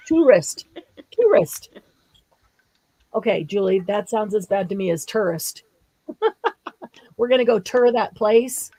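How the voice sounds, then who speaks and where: Woman, craft livestream host: relaxed, unhurried delivery, giggly, chatty with viewers. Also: mid-range voice, no room sound, rough recording. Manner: giggly, laughs often while talking. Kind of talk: casual livestream chat, reading viewer comments aloud.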